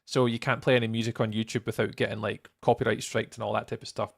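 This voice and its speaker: A man's voice: mid-range voice, gravelly, a bit bright. A young Scottish man streaming a game build live, chatting casually, greeting viewers by name and laughing often. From Scotland.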